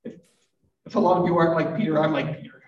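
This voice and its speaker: Recorded from a distance in a dull, roomy church with slight background noise, an older pastor delivers a mild, reflective sermon with soft asides and a bit of self-deprecating wit. His voice is a little high and steady in tone, and he moves at a quick pace.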